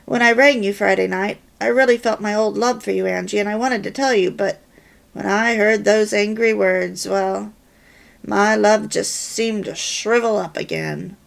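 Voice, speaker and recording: A woman reading the part of a hurt husband who speaks hesitantly and haltingly. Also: mid-range voice, steady tone, gravelly. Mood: hurt, earnest. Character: remorseful husband, a working man.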